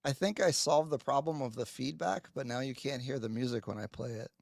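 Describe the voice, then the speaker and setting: Gravelly, husky man chatting on a livestream. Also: mid-range voice, brisk, darkish tone, dry recording, studio quality. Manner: chatty, self-mocking, talks to chat. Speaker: livestream host. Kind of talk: casual live stream chat. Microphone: headphones with mic.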